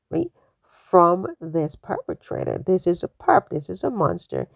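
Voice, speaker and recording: A woman's voice: lowish voice, sing-song, unhurried, gravelly, dry recording. A woman hosting an opinion commentary, skeptical, asking one rhetorical question after another with many fillers. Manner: skeptical, full of rhetorical questions and "you know"s. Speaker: commentary channel host.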